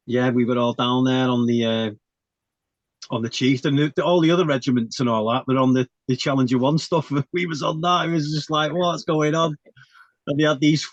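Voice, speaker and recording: A guest on the show recounts his army days in relaxed conversation, laughing a lot, swearing, and repeatedly asking "you know what I mean." His voice sits in the mid range, and the recording sounds dull and dry.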